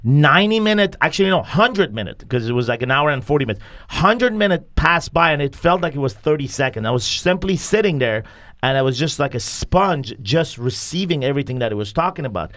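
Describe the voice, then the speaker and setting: A man's voice: fairly high pitch, expressive, a little fast, fairly bright tone. A man hosting a candid conversational podcast who talks bluntly, swears often and goes off on heated rants. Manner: blunt, profane, ranting. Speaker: podcast host.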